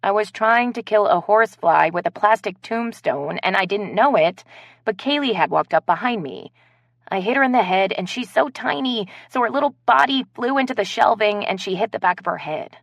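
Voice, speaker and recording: A woman's voice: medium pitch, lively intonation, normal speed, creaky, no room sound, lo-fi sound, voice pushed up. A woman doing an exasperated, short-tempered woman. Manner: sharp, exasperated.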